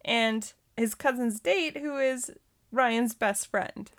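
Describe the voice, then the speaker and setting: A woman's voice: fairly high pitch, slow. A woman co-hosting a casual podcast movie review, chatty and exasperated as she recounts scenes. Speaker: podcast co-host.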